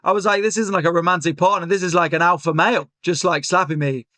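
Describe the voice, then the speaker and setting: Animated young man telling a story. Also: high voice, fast talker, no echo. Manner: animated storyteller, many fillers and restarts. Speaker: comedian guest. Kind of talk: casual storytelling chat. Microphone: remote call.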